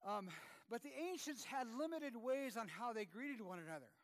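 A man's voice: very high-pitched, sing-song, moderate pace. A man preaching to his congregation in a conversational, self-deprecating way, with frequent fillers and restarts. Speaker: pastor. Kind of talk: sermon. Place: church.

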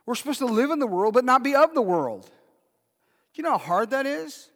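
A man's voice: very high voice, sing-song, brisk, fairly bright tone. A man preaching a sermon as pastor, talking in a conversational way and asking the congregation questions. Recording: long hall reverb.

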